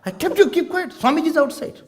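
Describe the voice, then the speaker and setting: A man giving a spiritual talk as a swami, teaching in an animated way and often breaking into laughter. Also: extremely high pitch, fast talker. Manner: animated teaching, often laughing, mixing in Hindi and Sanskrit terms. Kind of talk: sermon.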